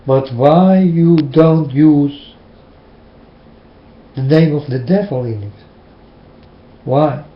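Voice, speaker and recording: A Dutch-accented man preaches in a slow, earnest monologue, stopping often and asking the same questions again and again. His voice sits fairly high for a man. The sound is roomy and a little dull, like a lo-fi home recording. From Netherlands. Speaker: religious vlogger.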